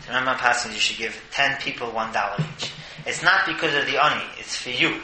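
A man gives a casual Torah talk in a mid-pitched voice, animated and often stumbling over repeated words. The room around him is echoey. Clear noise sits in the background. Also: fairly quick. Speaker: Torah teacher.

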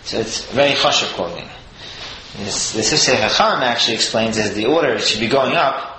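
A man's voice: mid-range voice, a little fast. Man giving a Torah talk in an echoey room. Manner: earnest, explains verses phrase by phrase. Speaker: Torah teacher. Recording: echoey room with steady noise.

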